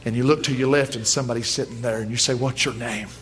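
A man's voice: mid-range voice, fairly even intonation, racing, a little hiss or hum. A man preaching a sermon at a church service, folksy and emphatic, in plain everyday speech.

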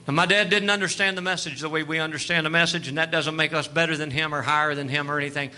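A man preaching a sermon testimony, telling a story, acting out the dialogue and rising to fervent shouts. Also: on the high side, fairly even intonation, fast. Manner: storytelling, acts out dialogue, rises to shouting fervor.

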